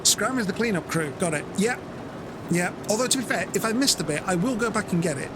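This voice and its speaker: British male streamer, higher voice, casual and self-mocking, vehicle noise in the background. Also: lively intonation, a little fast. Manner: chatty, self-mocking, acts out friends in high voices. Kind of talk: casual gameplay chat. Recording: game sounds and vehicle noise behind.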